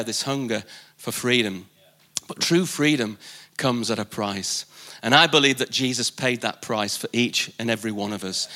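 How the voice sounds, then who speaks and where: Man, pastor, bright voice, emphatic live sermon, repeats key lines. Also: mid-range voice. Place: church service.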